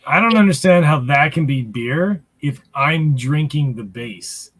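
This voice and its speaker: A man with a mid-range voice and lively pitch chats bluntly about beer. He swears freely and restarts his sentences. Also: a little slow, husky. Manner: blunt, swears, stumbles over words. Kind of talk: casual chat.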